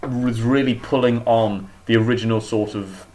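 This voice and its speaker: A man's voice: medium pitch, steady tone, normal speed, darkish tone. A man co-hosting a casual chat show, opinionated and talkative, often restarting his sentences. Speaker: podcast co-host.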